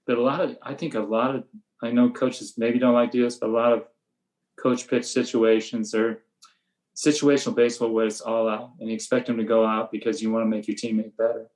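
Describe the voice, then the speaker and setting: With a medium-pitched voice and a fairly quick pace, a veteran American high school baseball coach, an older man, explains his practice methods plainly in a relaxed interview. Now and then he performs the blunt remarks he makes to his players; the audio quality is poor.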